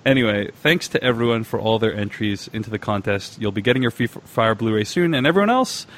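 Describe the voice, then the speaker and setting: A man's voice: on the low side, animated, quick pace, a bit bright. A man hosting a podcast, chatting casually and reading a listener's email aloud, with many filler sounds. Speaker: podcast host.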